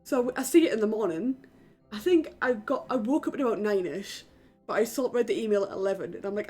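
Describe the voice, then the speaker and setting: A young woman from the UK, live-streaming a game from her flat, chatting casually with her viewers and swearing offhandedly. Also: mid-range voice, quick pace, slightly rough, soft background music. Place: home in a flat.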